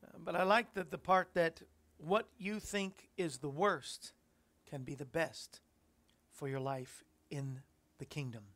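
A man's voice: on the high side, unhurried, fairly bright tone. A man hosting a Christian radio commentary show, musing on scripture in a reflective, rambling way with frequent fillers. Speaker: host.

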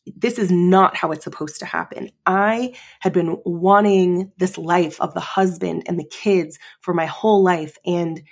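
A woman's voice: fairly low pitch, darkish tone, slightly rough. A woman in her thirties, a podcast host, telling her personal story in a candid, emotional way with many fillers. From United States.

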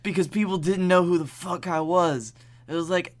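A man's voice: high voice, fairly even intonation, moderate pace. A young man co-hosting a podcast, chatting in a laid-back comic way and swearing casually. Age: young adult. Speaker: podcast co-host. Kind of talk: casual comedic chat.

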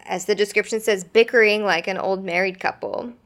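A woman's voice: medium pitch, fairly even intonation, a little fast, a bit bright. A woman chatting casually as a podcast co-host, laughing often as she recaps an episode.

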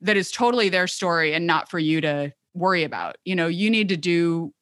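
A woman's voice: on the low side, expressive, a little fast, a bit bright, dry recording, studio quality. A woman in her thirties, an occupational therapist guest, talking chattily and rambling with lots of filler words. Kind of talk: conversational interview.

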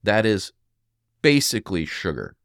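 A man's voice: lowish voice, wildly swooping pitch, unhurried, a bit bright, no echo, clean studio sound. A man hosting a solo health podcast, talking emphatically and scolding the listener, now and then mimicking what people think. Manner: mimics listeners in quoted asides. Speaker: podcast host.

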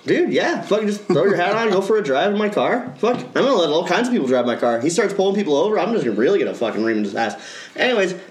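Animated swearing man telling a story. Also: sits high, fast talker, reverberant. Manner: profane, animated ranting. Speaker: podcast co-host. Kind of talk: casual storytelling.

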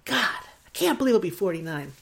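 A woman's voice: medium pitch, animated, moderate pace, fairly bright tone. A woman in her forties hosting a solo podcast, talking in a rambling, emotional and self-deprecating way with frequent laughs. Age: 40s. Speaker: podcast host. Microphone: desk mic in front of a screen.

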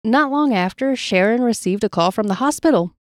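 A woman co-hosting a casual podcast, reading strange stories aloud in an even, unhurried tone. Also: a little high, no echo, clean studio sound. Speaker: podcast co-host telling stories.

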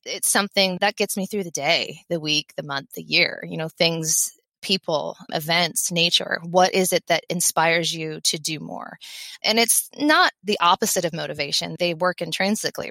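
A woman in her thirties from the Philadelphia area, a veterinary technician who is a guest on an interview podcast, talking in an upbeat, energetic way and laughing often. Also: on the low side, gravelly, no echo. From Philadelphia area, USA. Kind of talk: conversational interview.

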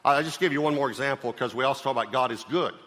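A man preaching to his congregation, his voice bright and forceful as it rings out into a long church reverb. He talks in a conversational, emphatic way and keeps asking whether everyone is following him. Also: medium pitch, racing. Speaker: pastor. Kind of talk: sermon. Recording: long reverb of a large hall.

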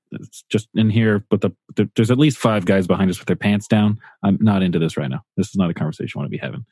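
Low mellow dude on a podcast, laid back, dry humor. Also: male voice, no room sound. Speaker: podcast co-host. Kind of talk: casual chat. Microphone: studio microphone.

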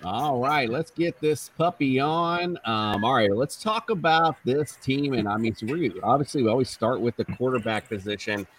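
A man's voice: mid-range voice, expressive, moderate pace, few pauses. A man hosting a casual fantasy football podcast, talking in a loose, rambling and upbeat way. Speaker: host. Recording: distant mic with faint noise.

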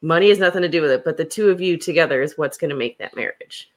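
A young woman hosting a podcast, telling personal stories in a casual, animated way and laughing often. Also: deep voice, fast talker. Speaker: podcast host. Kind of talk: casual storytelling chat.

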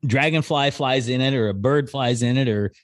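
A man's voice: mid-range voice, normal speed, no echo, clean studio sound. A middle-aged man hosting a podcast on a video call, easygoing, thinking aloud with many "I think"s in casual conversation. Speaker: podcast host. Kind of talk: casual interview chat.

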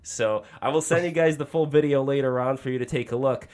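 A male livestream host with a middling pitch talks in a rambling, friendly way. He fills his sentences with "uh" and "like" as he moves between guests. His delivery is loose and conversational. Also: brisk, hardly any pauses, a little mellow. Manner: rambling, filler-heavy, friendly. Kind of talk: livestream panel talk.

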